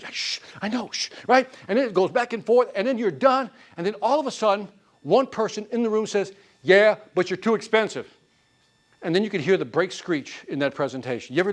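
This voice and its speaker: A man leading a live sales training class, quizzing the room with quick questions and answers. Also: fairly high pitch. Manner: animated, quizzing the class with call-and-response questions.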